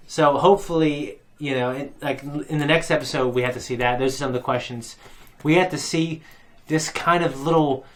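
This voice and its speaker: A man giving a casual, rambling recap of a TV episode, with many pauses and restarts as a reaction video host. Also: mid-range voice, fairly bright tone.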